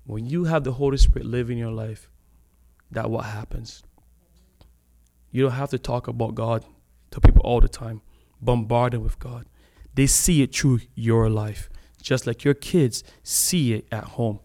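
A man delivers a sermon to his church in a relaxed, chatty way. His voice sits at an ordinary middle pitch, and he laughs easily between points. He slows down and stretches out the words he wants to land. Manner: conversational, laughs often, draws out key words. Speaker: preacher.

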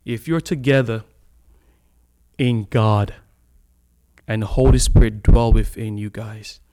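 A man's voice: fairly low pitch, fairly even intonation, slow pace, warm tone. A man preaching a sermon in a church, talking in a loose conversational way, laughing often and stretching out the words he wants to stress.

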